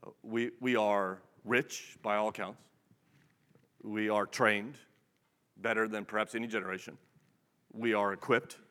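A man's voice: lowish voice, steady tone, a little slow, long pauses, pushed and bright. A male pastor giving a conversational sermon, asking his listeners rhetorical questions and often repeating words as he restarts. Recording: long reverb of a large hall.

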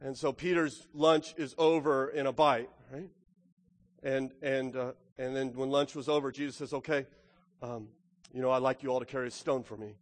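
A man preaching a sermon in a church, animated, swinging from loud to hushed and acting out the lines he quotes. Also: mid-range voice, normal speed. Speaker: pastor. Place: church sanctuary. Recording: long hall reverb.

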